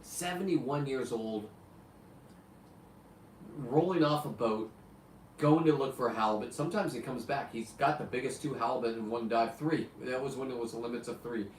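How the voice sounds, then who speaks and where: At a moderate pace and in a mid-range voice, a man in his fifties rambles through live-stream chat as a show host, blunt and profane. The recording sounds roomy, captured by a distant mic with faint ambience and slight background noise.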